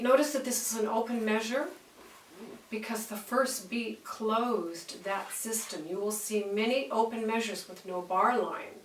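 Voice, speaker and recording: A woman's voice: mid-range voice, a little hiss or hum. A woman teaching piano, counting beats aloud as she plays and explaining the music with enthusiasm. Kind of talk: piano lesson demonstration. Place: room with a piano. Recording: roomy, mic at a distance, piano playing.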